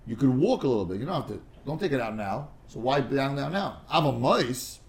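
A man's voice: mid-range voice, expressive, fairly quick. A man teaching a casual study class, rambling and digressive, stumbling over repeated words and mixing in Hebrew and Aramaic terms.

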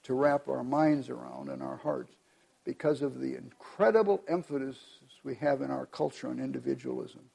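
An American man preaching a sermon as pastor, reading scripture aloud and explaining it in an earnest, measured way. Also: medium pitch, mellow. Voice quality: gravelly.

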